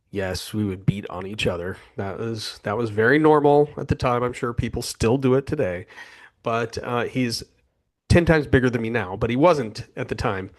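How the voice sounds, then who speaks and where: A man with a mid-range voice hosts a podcast interview. He tells stories from his own life, reflective at first and more animated as a story builds. His delivery stays conversational. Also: mid-range voice. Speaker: podcast host.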